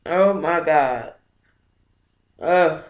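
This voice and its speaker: A woman hosting an online book club, chatting casually and breaking into dramatic, excitable outbursts while talking to herself. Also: low-pitched, drawn-out words, muffled recording. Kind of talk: casual livestream chat.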